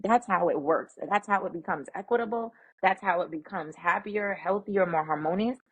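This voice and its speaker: A middle-aged woman, a guest speaker, telling workplace stories in an animated, emphatic way and acting out the quoted talk. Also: fairly low pitch, normal speed, husky, lo-fi sound. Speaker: guest, emotional intelligence speaker. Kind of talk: conversational storytelling.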